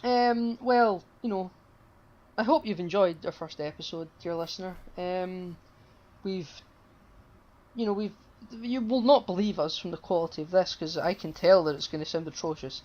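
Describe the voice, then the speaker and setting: A woman's voice: on the low side, moderate pace, a little mellow. A woman co-hosting a casual podcast, rambling with lots of fillers and casual swearing. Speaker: podcast co-host. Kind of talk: casual chat. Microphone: home podcast mic with a buzz. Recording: dull lo-fi home mic.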